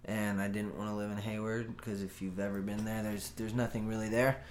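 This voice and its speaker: A man's voice: on the low side, flat delivery, brisk, roomy sound, slight background noise. Hesitant man in casual chat. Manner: hesitant, frequent restarts, laughs easily. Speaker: guest.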